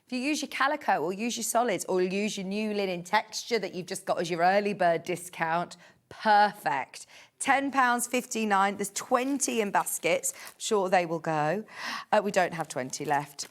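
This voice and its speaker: A woman's voice: mid-range voice, animated, moderate pace. A woman presenting on a live home shopping show, chatty and gushing as she reads out prices and product codes. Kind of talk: live TV sales pitch.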